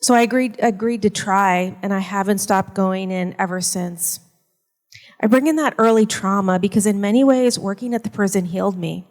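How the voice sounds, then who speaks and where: A woman teacher reading a prepared personal essay in a measured, earnest way. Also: medium pitch, a little mellow, long reverb tail. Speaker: university teacher in prison education. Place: performance venue.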